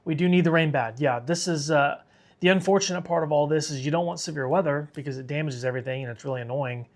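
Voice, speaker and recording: A man with a higher voice talks fast as he hosts a live severe weather stream. Tired and sick, he keeps things casual and reads viewer comments aloud.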